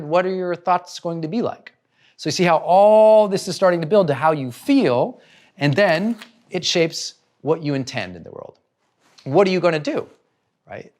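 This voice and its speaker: Male personal growth trainer, motivational talk, fairly high voice, animated, rhetorical questions. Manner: animated, asks rhetorical questions and acts out examples.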